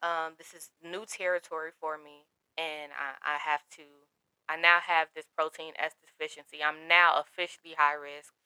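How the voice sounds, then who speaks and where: A woman's voice: low voice, flat delivery, moderate pace, sharp tone, clean tone, no room sound. A young woman, telling an emotional personal story candidly and quoting others in her own voice.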